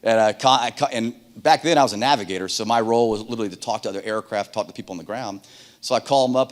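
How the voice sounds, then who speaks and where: A middle-aged man giving a keynote on a conference stage, telling stories in an animated way and acting out the dialogue. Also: on the low side, rapid-fire. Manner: animated, acts out dialogue in voices. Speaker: keynote speaker. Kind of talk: keynote storytelling.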